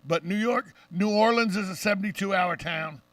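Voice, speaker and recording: A middle-aged man from the Deep South with a Southern accent, hosting a radio talk show with brash, joking banter. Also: fairly bright tone, dry recording, far from the mic. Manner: brash, joking, fast-talking storyteller.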